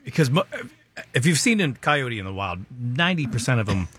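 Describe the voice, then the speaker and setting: A man's voice: medium pitch, sing-song, brisk, a bit bright, husky. A man co-hosting a talk radio show, chatting casually. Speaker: radio co-host. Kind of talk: casual banter.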